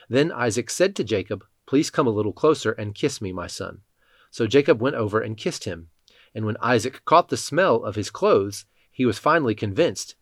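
A man giving a measured, even reading of Bible passages, speaking the quoted lines in his own voice. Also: lowish voice, no room sound. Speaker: scripture reader.

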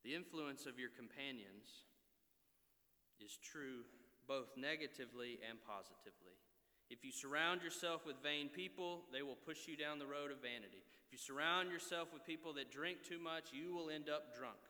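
A man in his thirties preaching a sermon, earnest and exhorting, often checking in with his listeners with a quick "right?". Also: on the high side, sharp tone. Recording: long reverb of a large hall.

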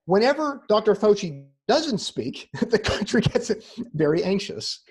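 Over a video call, a man appears as a therapist guest in a casual conversation, his high, husky, slightly mellow voice very animated yet a little slow. He often repeats words when starting a sentence and lays out his advice in numbered practical steps.

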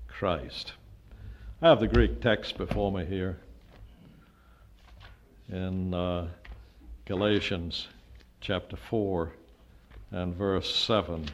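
An older man preaching a sermon, emphatic, with his voice rising to loud peaks when he stresses a point. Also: sits low. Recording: dull lo-fi sound.

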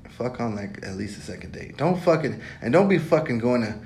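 A man's voice: animated, fairly quick, creaky, dark tone. A man giving blunt, profane dating advice in a casual podcast monologue. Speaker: podcast host. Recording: echoey room with faint rumble.

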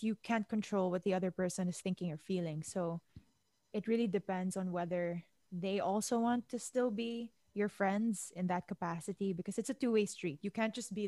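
A woman's voice: medium pitch, moderate pace, mellow, dry recording, studio quality. A woman co-hosting a podcast, chatting casually and giving supportive advice on listener letters. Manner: chatty, supportive, says "like" and "dude".

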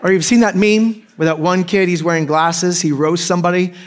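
A man's voice: sits high, steady tone, a little fast, a little hiss or hum. A middle-aged man preaching a casual sermon as pastor, conversational and joking, acting out the voices of the people in his stories.

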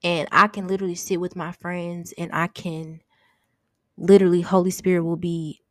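A young woman hosts a casual faith podcast in a lowish voice, earnest and open as she confesses her thoughts. She circles back over her words as she talks. The sound is close and dry. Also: level tone, moderate pace, a bit bright, no room sound. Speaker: podcast host.

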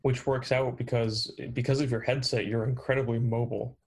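A man's voice: medium pitch, little pitch movement, a little fast, a little mellow. A young man co-hosting a podcast, chatting in a wordy, good-humored way. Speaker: podcast co-host. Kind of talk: casual chat.

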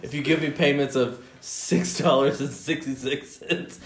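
A man as guest on a casual podcast, joking and chiming in with punchlines. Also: mid-range voice. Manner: joking, chimes in with quick punchlines. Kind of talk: casual chat. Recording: echoey room.

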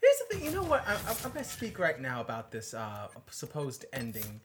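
A let's play co-host chatting casually and excitedly while playing, often laughing. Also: mid-range voice, a little fast, slight background noise. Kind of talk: casual gameplay chat.

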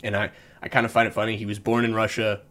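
A man's voice: lowish voice, flat delivery, fast, fairly bright tone. A man hosting a solo podcast, reviewing a movie in a casual, rambling way, often restarting sentences and chuckling. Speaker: podcast host. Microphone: desk mic.

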